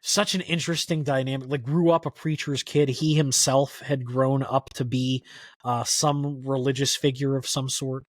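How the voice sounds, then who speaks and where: At normal speed and medium pitch, a man guesting on a podcast tells stories about country music, his field as a historian. His delivery is casual and rambling, animated, and scattered with "like." The recording is dry and of studio quality.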